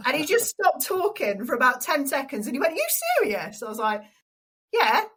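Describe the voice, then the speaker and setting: A young adult woman with an English accent, a stadium announcer and radio presenter telling an animated story in an interview. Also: sits high, fast talker, rough recording. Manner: animated storyteller, acts out quoted voices.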